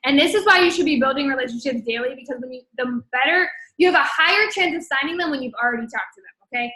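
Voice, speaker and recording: A woman's voice: sits high, fast talker, pushed and bright, reverberant, poor audio. A young woman hosting a casual coaching talk, using slang and thinking aloud as she dictates a message while typing. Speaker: host coaching sellers. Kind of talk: casual instructional live talk.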